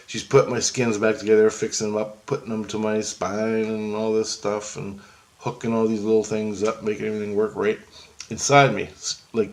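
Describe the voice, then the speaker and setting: A man vlogging a casual, rambling story, excitedly quoting both sides of a conversation. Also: on the low side. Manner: rambling, excitable, keeps quoting back and forth.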